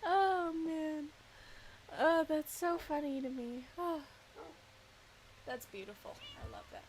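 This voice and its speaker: High bright woman streamer just chatting, laughs a lot, bit of hiss behind. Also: slow pace. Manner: chatty, laughs a lot, reads viewer stories aloud. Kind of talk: casual chat.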